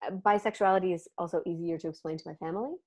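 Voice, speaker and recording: A woman from Canada, a podcast guest in casual chat, telling stories with animated acted-out quotes and casual swearing. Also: lowish voice, rapid-fire. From Ontario, Canada.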